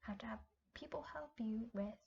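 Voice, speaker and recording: A woman's voice: a little high, moderate pace, dull audio. Young woman telling a story, often whispering. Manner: often drops into a hushed, breathy whisper; rambling, with many "like" and "I'm like". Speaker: vlogger. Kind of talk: casual storytelling.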